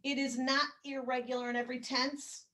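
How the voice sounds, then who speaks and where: A woman teaching a grammar lesson, explaining patiently and saying example phrases slowly for students to repeat. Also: sits high, little pitch movement, fairly bright tone. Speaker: Spanish teacher.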